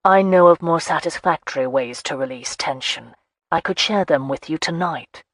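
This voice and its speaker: A woman's voice: deep voice, dry recording. A woman voicing a brooding, clipped marquis. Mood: teasing. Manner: clipped, dry and measured. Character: brooding aloof male marquis, teasing, guarded.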